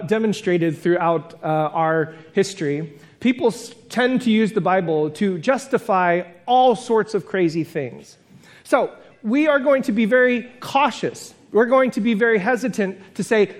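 A man preaching a sermon as pastor, reflective and conversational, building long spoken lists and stopping for self-deprecating asides. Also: high-pitched.

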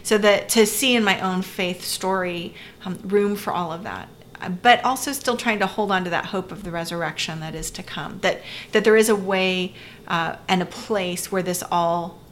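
A woman's voice: lowish voice, moderate pace, slight background noise. Earnest woman pastor explaining. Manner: earnest, explanatory, frequent "right?" checks. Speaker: pastor and co-host. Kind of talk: conversational podcast discussion.

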